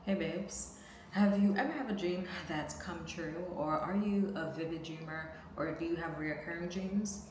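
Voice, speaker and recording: A woman in her thirties from the USA opens her vlog, talking straight to her viewers. Her voice sits very low. The room rings with heavy echo, and background noise runs beneath her. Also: moderate pace, darkish tone. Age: 30s. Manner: friendly, direct address to viewers. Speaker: vlog host. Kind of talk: casual vlog intro.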